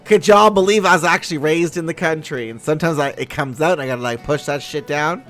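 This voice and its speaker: A man's voice: a little high, fast talker, a bit bright, faint music behind. A man streaming live, chatting casually between scenes, joking and swearing. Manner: joking, laughing, profane asides.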